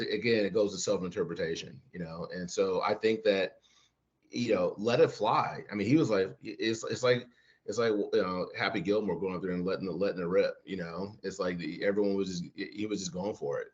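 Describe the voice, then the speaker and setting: A man's voice: deep voice, a little fast, highs cut off. A man, a guest chef, chatting casually on a podcast, rambling with many restarts and fillers. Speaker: guest chef, former competitor.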